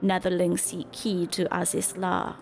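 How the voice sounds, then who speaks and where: A woman's voice: on the low side, unhurried, gravelly, soft background music. A woman voicing a solemn birdlike tribal elder with broken, formal country-bumpkin speech.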